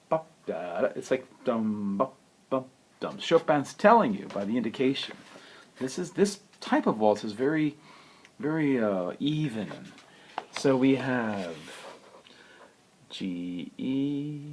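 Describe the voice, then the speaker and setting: A man giving a spoken piano lesson, unhurried and thoughtful, who sings rhythms and counts beats aloud. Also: mid-range voice, a little mellow, a little hiss or hum. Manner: unhurried, thoughtful, with many fillers. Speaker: piano teacher.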